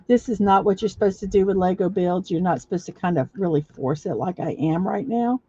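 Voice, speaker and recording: A woman with a low, mellow, husky voice hosts a casual livestream, guiding viewers through a building-block project one step at a time. She pauses frequently, using fillers and restarting sentences, and the recording is dull and lo-fi.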